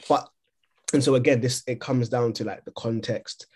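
A man co-hosting a podcast over a remote call, talking casually and haltingly, often repeating words as he thinks. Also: mid-range voice, steady tone, darkish tone, husky. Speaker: podcast co-host. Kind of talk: casual discussion.

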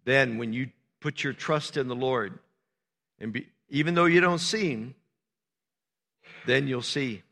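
A male pastor with a bright, forceful voice preaches in a church, moving from quiet, low stretches to loud, raised exhortation. Long reverb from the sanctuary hangs on his words. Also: measured pace, gravelly, pauses often. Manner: swings from soft and low to loud, high-pitched preaching. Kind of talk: sermon.

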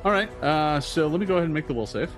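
A man serves as game master for a tabletop session, his voice rising and falling over a wide range. He draws out the dramatic moments slowly and laughs easily between rolls. Faint music plays quietly behind him. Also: a little high, animated.

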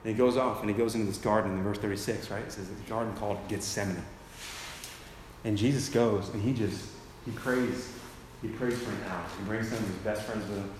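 This young man preaches casually at a church youth gathering, leaning on slang like "dude" and "like" and acting out each figure in the tale. He speaks fairly quickly in a steady, lowish voice. The echoey hall adds faint ambience and background noise.

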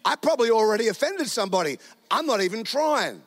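This is a middle-aged man with an Australian accent, speaking in a fairly high voice. He is giving a sermon in an animated, joking way, slipping quick asides into his stories. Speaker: guest preacher.

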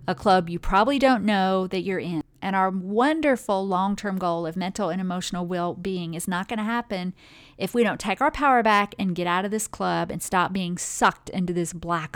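Conversational woman hosting a well-being talk. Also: on the low side. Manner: direct, conversational, addresses the listener. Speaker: podcast host and speaker on well-being. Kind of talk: motivational talk to listeners.

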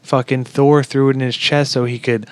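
Excitable swearing man reviewing a film. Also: medium pitch, moderate pace, no echo. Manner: excitable, heavy swearing, lively storytelling. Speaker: podcast co-host. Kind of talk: casual movie review chat.

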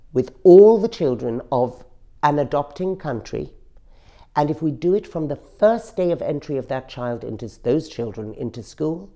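Low gravelly-voiced woman guest. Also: dark tone. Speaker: interview guest. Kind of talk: emotional personal interview.

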